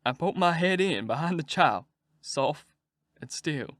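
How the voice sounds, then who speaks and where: A man reading aloud, voicing a grieving father who tells his story in a slow rural dialect. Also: a little high, animated, fairly bright tone, no room sound, clean studio sound. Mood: agitated. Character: grieving adult man, a plain-spoken father.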